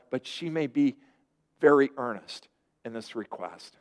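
A man preaching a sermon, lively and earnest, often acting out the voices of people he quotes. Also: mid-range voice, measured pace. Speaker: pastor.

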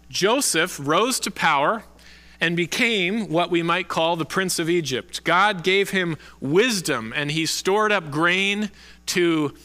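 A pastor preaches earnestly and deliberately, drawing out the words he wants his listeners to remember with slow, emphatic stresses. His bright, forceful voice sits slightly high. Long reverb trails after him, as in a large sanctuary.

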